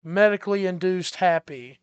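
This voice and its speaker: A game master narrating a science fiction tabletop game in a relaxed way, laughing often. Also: medium pitch, moderate pace, clean tone, no room sound, dull audio. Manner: relaxed, laughing, explains freely.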